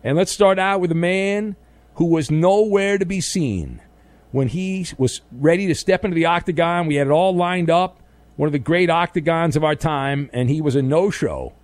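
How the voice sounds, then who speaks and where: A man's voice: on the high side, normal speed, dry recording. Dry, playful sports radio host, a man. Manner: playful, teasing, bursts into mock outrage. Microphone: studio microphone.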